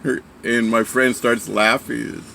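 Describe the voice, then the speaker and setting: Rambling man telling a story, bright tone. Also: mid-range voice, fairly even intonation, takes it slowly, gravelly, slight background noise. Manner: rambling, many fillers and restarts. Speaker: speaker sharing a story. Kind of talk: casual storytelling.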